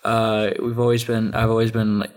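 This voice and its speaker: A man's voice: on the low side, completely flat delivery, normal speed. A young man telling a funny story in casual chat, laughing often and filling his talk with "like" and "dude".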